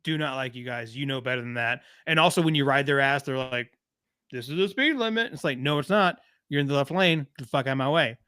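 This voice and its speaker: A Texan podcast co-host with a medium-pitched, fairly bright voice rants about sports in a casual, profane, joking way. The recording is dry and studio quality.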